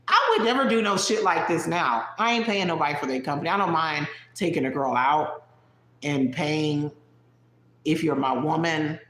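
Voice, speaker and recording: With a fairly bright, mid-range voice, this livestream host wanders through a personal story, speaking directly to the chat in a casual, digressive way. The room echoes noticeably.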